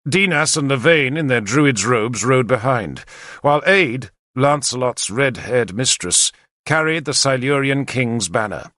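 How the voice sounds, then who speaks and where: Male narrator, audiobook, animated pitch, bright forceful voice, dry close sound. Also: a little slow, no room sound. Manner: expressive, lively storytelling. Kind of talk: scripted first-person narration.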